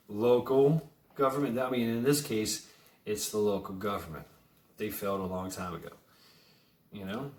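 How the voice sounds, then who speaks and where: Sarcastic swearing man in an echoey room. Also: on the low side. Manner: swears a lot, stammers and repeats words; sarcastic, chuckling asides. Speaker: vlogger. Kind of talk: profane casual monologue rant.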